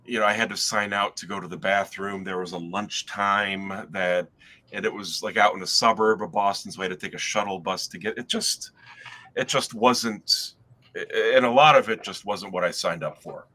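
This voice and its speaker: A man's voice: on the low side, normal speed, bright, forceful tone. A middle-aged man, a guest author, telling a rambling anecdote in casual chat and often stopping to restart his sentences. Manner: rambling, self-interrupting anecdote teller. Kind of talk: casual storytelling.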